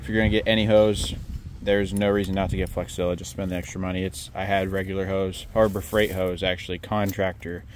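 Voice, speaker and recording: A man with a monotone voice giving a blunt, casual walkthrough of his work trailer, swearing freely and joking dryly at his own expense. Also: deep voice, brisk, hardly any pauses, a little hiss or hum. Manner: blunt, casual, swears, dry self-mocking humor. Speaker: pressure washing business owner. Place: outdoors beside a work trailer.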